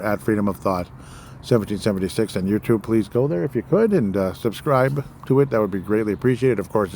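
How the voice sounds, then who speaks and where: A man's voice: lowish voice, a little mellow, slight background noise. A man hosting his own political podcast, talking loosely and rambling, with many fillers and small apologies. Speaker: podcast host. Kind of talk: casual political podcast monologue.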